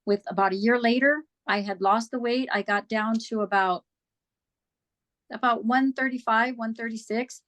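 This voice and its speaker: A woman's voice: on the high side, fairly even intonation, normal speed, a bit bright. Earnest woman telling her story. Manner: earnest, candid, acts out past conversations. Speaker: interview guest. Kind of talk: casual personal storytelling.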